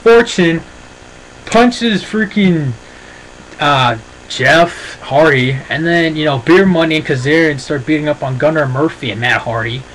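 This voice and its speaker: A man's voice: on the high side, measured pace, a bit bright, slight background noise, rough recording. A man giving a casual, rambling and opinionated review, often saying "freaking". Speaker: wrestling show reviewer.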